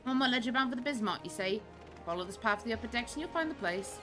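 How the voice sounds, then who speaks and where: A woman reading a brisk, weary gate official. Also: a little high, lively intonation, pushed and bright, soft background music. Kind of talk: reading game dialogue aloud.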